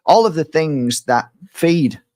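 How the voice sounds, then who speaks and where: A man's voice: fairly high pitch, animated, takes it slowly, darkish tone. A middle-aged man, a spiritual healer and medium, talking casually to his viewers and often rambling, repeating words and restarting his sentences.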